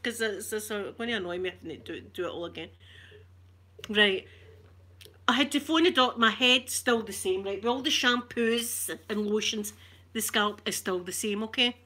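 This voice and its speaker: A woman's voice: a little high, pushed and bright. A Scottish woman chatting on an ASMR live stream, ranting with animation and swearing freely. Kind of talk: casual live-stream chat.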